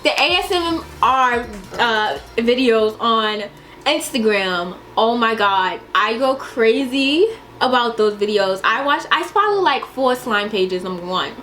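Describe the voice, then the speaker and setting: A young woman chatting in a casual question-and-answer vlog, dramatic and animated, laughing often and swearing. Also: fairly high pitch, measured pace, slight background noise. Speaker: vlogger.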